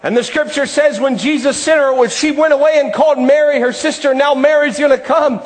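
High-voiced man preaching an impassioned sermon. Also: steady tone. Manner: impassioned preaching, often shouting, drawn-out emphasis.

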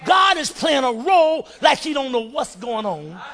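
Male preacher, fiery shouted sermon; high, bright, very lively pitch. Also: moderate pace. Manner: fiery, calls for amens, acts out voices.

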